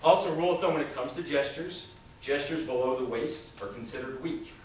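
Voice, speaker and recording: Man, communication trainer, seminar talk, interactive, booming echoey hall, distant mic, faint background noise. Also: a little fast, darkish tone. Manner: interactive, questions the audience, demonstrates points. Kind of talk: seminar presentation. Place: large conference hall.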